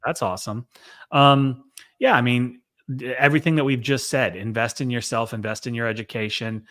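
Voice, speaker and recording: An earnest man co-hosts a casual business podcast, talking through advice in a steady way. His voice sits at a middle pitch for a man. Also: moderate pace. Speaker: co-host, business coach.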